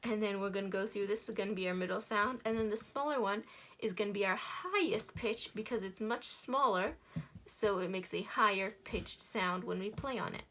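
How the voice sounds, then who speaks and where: A woman's voice: medium pitch, normal speed, fairly bright tone. A woman teaching a virtual music lesson to elementary school children, explaining simply and encouragingly.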